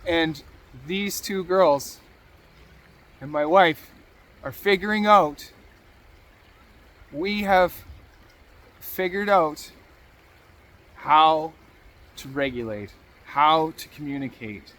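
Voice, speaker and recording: A man's voice: fairly high pitch, expressive, extremely slow, pauses often, a bit bright. A man hosting a motivational talk, earnest and encouraging, repeating key phrases for emphasis. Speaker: podcast host.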